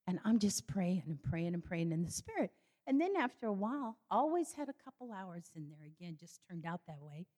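Older lady sharing her faith story, middle-pitched voice, acts out what people said. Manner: animated, acts out quoted voices with sudden high jumps. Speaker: speaker giving a personal faith testimony. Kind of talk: personal testimony storytelling.

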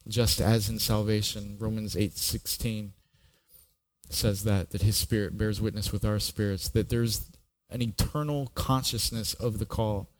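A middle-aged man, a pastor, telling his own story in a sermon, earnest and often repeating a word as he starts a thought. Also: lowish voice. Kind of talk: sermon with personal testimony.

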